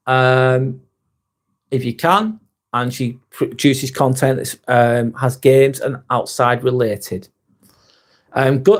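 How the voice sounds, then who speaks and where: Blunt Lancashire man chatting live. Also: mid-range voice. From northwest England. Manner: blunt and candid, swears freely, reads out viewer chat. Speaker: live stream host. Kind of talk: casual live-stream chat.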